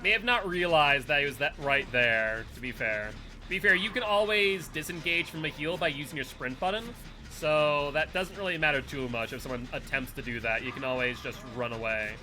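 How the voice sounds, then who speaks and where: A man's voice: a little high, expressive, fairly quick, pushed and bright. A man giving casual running commentary while playing a game live and chatting with viewers and teammates. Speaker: streamer.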